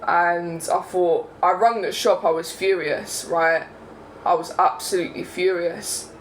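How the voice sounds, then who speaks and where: A man's voice: high voice, fairly even intonation, unhurried, a little hiss or hum, rough recording. A young man from England talking to camera in a casual, indignant rant, often tagging lines with "yeah?" and "right?". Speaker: vlogger.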